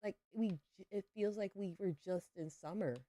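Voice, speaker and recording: A woman's voice: medium pitch, moderate pace, mellow, dry recording. A young adult woman streaming a farming game, chatting playfully with her viewers. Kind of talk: casual livestream chat while gaming.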